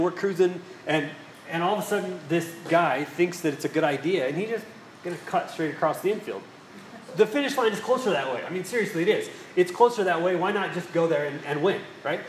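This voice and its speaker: Guy preaching in an echoey hall, fairly high voice, tells stories, asks the crowd stuff. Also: slight background noise. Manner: storytelling, rhetorical questions to the congregation. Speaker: pastor. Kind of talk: sermon. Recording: echoey hall with faint ambience.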